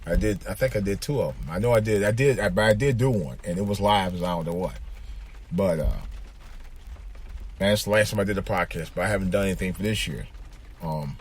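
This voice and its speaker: A deep, slightly husky male voice recorded inside a car as the man drives. He talks in a loose, rambling podcast monologue, circling back on his words and leaning on fillers as he goes. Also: animated, fairly quick. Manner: rambling, repeats himself, many fillers. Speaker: podcast host. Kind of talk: casual monologue. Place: in a car, driving.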